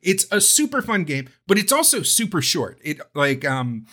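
A man hosting a casual podcast about video games, talking in an animated, rambling way and swearing freely. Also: on the high side, moderate pace. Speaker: podcast host. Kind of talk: casual chat.

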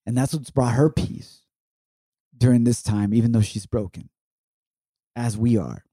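A man's voice: mid-range voice, measured pace, warm tone, husky, no room sound, clean studio sound. A middle-aged man co-hosting a podcast, talking earnestly and reflectively with his wife and encouraging listeners. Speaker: podcast co-host. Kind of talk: heartfelt conversation with his wife.

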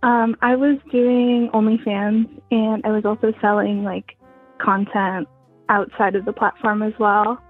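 Young woman, breathy husky voice, rambly casual chat, thin phone-line sound. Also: mid-range voice, flat delivery, measured pace, soft background music. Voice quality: soft, breathy voice. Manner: rambling, many "like" fillers, laughs often. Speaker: guest.

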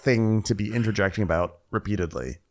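A man's voice: fairly low pitch, brisk, darkish tone. A man co-hosting a podcast, casually recapping a reality show scene by scene. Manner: chatty, recounts scenes with quoted bits. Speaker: podcast co-host.

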